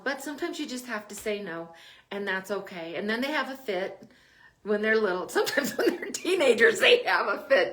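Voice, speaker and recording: A woman's voice: medium pitch, a bit bright. An older woman hosting a podcast, giving parenting advice in a casual, chatty way with frequent laughs. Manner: chatty, laughs often between points.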